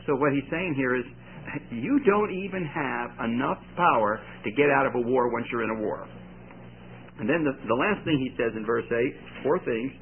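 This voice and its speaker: A man preaching a sermon, telling stories with lively delivery and sudden shouted quotes. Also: medium pitch, moderate pace. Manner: animated storytelling with shouted quotes. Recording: tinny phone-like recording with faint hiss.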